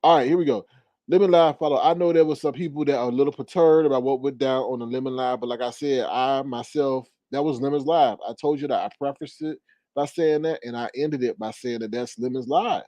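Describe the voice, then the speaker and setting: A man doing casual commentary into a phone at home, sassy and animated, his voice climbing higher when he gets riled. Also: brisk, no room sound, highs cut off. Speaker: commentary vlogger.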